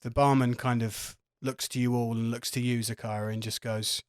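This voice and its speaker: A man's voice: mid-range voice, level tone, normal speed, clean tone. A man narrating a tabletop game as game master, loose and conversational. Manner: loose and conversational, with fillers and laughs.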